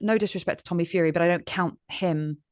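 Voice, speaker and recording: A woman from Ireland hosts a conversational interview about boxing, lively and expressive, slipping into little acted-out voices as she tells a story. Her voice sits a touch low for a woman, and the recording is close and dry, with no room sound. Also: quick pace, dry recording. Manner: animated storyteller, acts out voices in analogies. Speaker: host.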